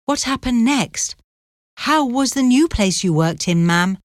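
A woman voicing a gentle, devoted young daughter who speaks softly and tenderly. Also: a little high, lively intonation, unhurried, no echo, studio quality. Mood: curious, gentle. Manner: soft, tender speech.

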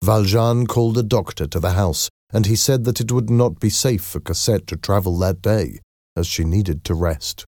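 A man narrating a story in a measured, steady storytelling voice. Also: on the low side, no echo, clean studio sound.

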